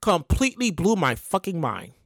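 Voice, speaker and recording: A woman telling a story in a casual monologue, talking fast, laughing often and swearing freely. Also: fairly low pitch, sing-song, dry recording.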